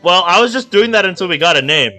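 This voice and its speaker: A young man with a higher-pitched, bright and forceful voice chats casually while co-hosting a game playthrough. He sounds upbeat and keeps things moving. Soft music runs underneath. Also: expressive, fast. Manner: upbeat, reads lines aloud in voices. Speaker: let's-play co-host. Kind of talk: casual gameplay chat.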